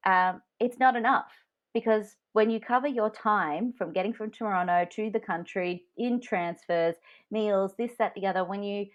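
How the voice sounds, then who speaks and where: A woman with a mid-range voice, recorded with dull audio, co-hosts a podcast. In casual chat, she tells candid, frank stories from her own working life.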